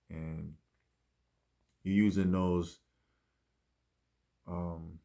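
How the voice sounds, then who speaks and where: A man speaking in a rambling, reflective monologue, often restarting and trailing off softly. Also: deep voice, fairly even intonation, slow pace, gravelly, pauses often. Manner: rambling, many fillers and restarts; soft-spoken, trailing off. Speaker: musician speaking about his mindset.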